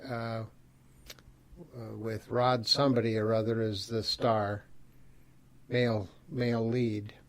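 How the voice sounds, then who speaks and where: A man's voice: mid-range voice, darkish tone. An older man, a podcast guest, speaking hesitantly with many fillers and a dry humor. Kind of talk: casual podcast chat.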